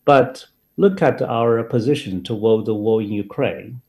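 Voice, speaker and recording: A man answering as a panel guest, pausing often with lots of uh fillers. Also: medium pitch, darkish tone. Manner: hesitant, many uh fillers.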